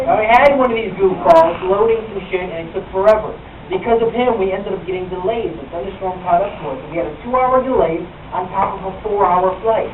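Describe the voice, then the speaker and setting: A man's voice: high-pitched, fairly quick, lo-fi sound. A male stand-up comedian telling a brash, profane story in a small club. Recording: echoey club, taped from the crowd far off. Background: audience laughter and club noise.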